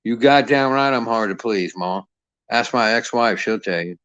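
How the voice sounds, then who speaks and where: A man's voice: medium pitch, normal speed, fairly bright tone, no echo, lo-fi sound. A middle-aged man ranting about boxing in a cantankerous, foul-mouthed, mocking way. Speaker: boxing commentator. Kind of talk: profane ranting commentary.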